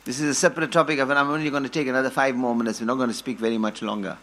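A man giving a sermon, telling stories, quoting Arabic, and building to forceful emphasis. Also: mid-range voice, steady tone, racing, a little hiss or hum. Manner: storytelling, quotes Arabic, rises to forceful emphasis. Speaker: preacher.

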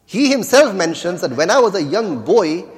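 Man, preacher, sermon, fairly high voice, very animated delivery. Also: normal speed, big-room sound. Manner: storytelling, with Arabic phrases recited. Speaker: Islamic preacher.

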